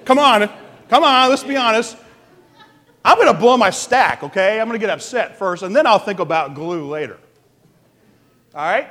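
A man pastor delivering an animated sermon, asking the congregation questions. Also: high-pitched, moderate pace, long pauses. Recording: long reverb of a large hall.

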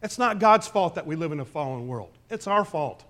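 A pastor preaching a conversational sermon, swinging between loud emphasis and quiet asides. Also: male voice, a little high, animated, fairly quick. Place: church sanctuary.

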